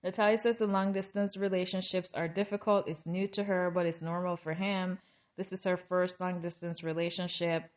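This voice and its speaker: A woman with a slightly low voice talks through a reality show episode in a relaxed, chatty recap. She throws in opinionated, exasperated asides about what the cast does. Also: normal speed. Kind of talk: casual recap commentary.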